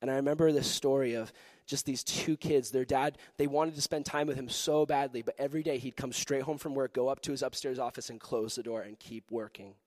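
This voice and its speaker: A young man preaching to a youth group, telling a story with lively acted-out voices and frequent laughter. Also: mid-range voice, brisk, hardly any pauses, no echo. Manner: animated, acts out voices in his story, laughs often. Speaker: pastor.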